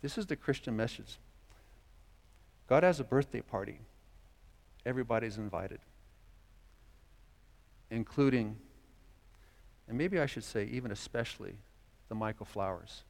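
A man's voice: mid-range voice, animated, a little slow, creaky, pauses often, a little mellow. A man preaching a sermon as pastor, earnest, voicing quoted dialogue as he speaks. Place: church sanctuary. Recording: long church reverb.

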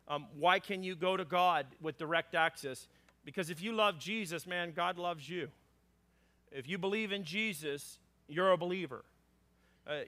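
Man, pastor, lively conversational sermon, fairly high voice, lots of ums and uhs. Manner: animated, conversational preaching with frequent "um" and "uh"; acts out scripture characters in a raised voice.

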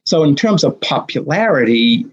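A man in his sixties, a race director telling a story in an interview, acting out the dialogue with lively energy. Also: a little high, moderate pace, highs cut off, slight background noise. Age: 60s. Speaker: marathon race director, guest. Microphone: video call.

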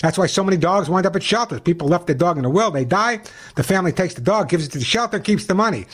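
A man hosting a call-in pet advice radio show, talking quickly and chattily, often restarting as he explains. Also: sits high, expressive, slightly rough.

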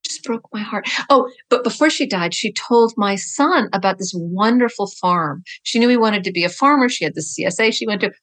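Middle-aged woman guest on a podcast, chatty and animated, laughs a lot while telling stories, medium pitch. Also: moderate pace, few pauses. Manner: animated storyteller, laughs often, loose and chatty. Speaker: guest, writer and educator. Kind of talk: conversational interview.

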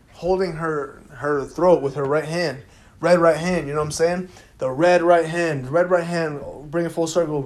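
A young man casually recapping TV episodes in an animated, slangy, profane storytelling manner. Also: fairly high pitch. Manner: fills gaps with "da, da, da". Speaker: TV recap vlogger.

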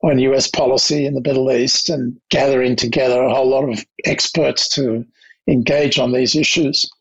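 Older Australian man, gravelly and husky, reflective interview guest, slightly dull recording. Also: mid-range voice, fairly even intonation. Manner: anecdotal, measured, with restarts. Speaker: guest, diplomat.

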